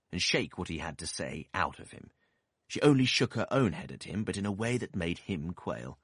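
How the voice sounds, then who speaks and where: Brief: deep-voiced man narrating a classic novel, expressive and lively in pitch. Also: creaky, breathy edge, dry recording, clean studio sound. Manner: expressive, measured storytelling. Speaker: audiobook narrator.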